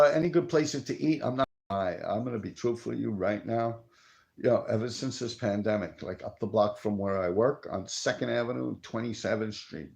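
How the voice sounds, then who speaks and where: A man's voice: mid-range voice, vocal fry, darkish tone. A middle-aged man, telling profane street stories on a live stream. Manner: profane, streetwise, answers viewer chat. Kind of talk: casual rambling storytelling.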